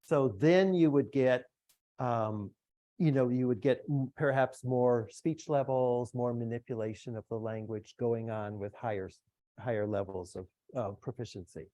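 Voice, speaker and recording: A man's voice: medium pitch, a little slow, warm tone, no echo. A middle-aged man giving a lecture in a room, talking in a conversational way with asides to the audience. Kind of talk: academic lecture.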